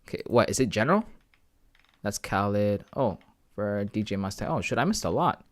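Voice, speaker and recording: A man's voice: on the low side, expressive, moderate pace. A man from Canada chatting casually on a live stream, reading viewer messages aloud and answering them from home into a close, sensitive desk mic.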